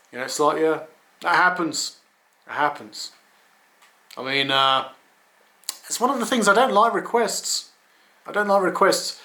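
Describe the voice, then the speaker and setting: Wry English bloke, rambling monologue, fairly high and tense, echoey room. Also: male voice, animated, normal speed, pauses often, bright, forceful tone. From England. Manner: wry, blunt, swears, stammering restarts. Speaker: video blogger.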